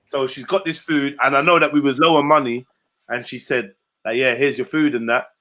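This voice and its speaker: A middle-aged man, telling a casual story in a group chat and acting out the quoted voices. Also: fairly quick. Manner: animated storyteller, acts out quotes with big pitch jumps. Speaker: host.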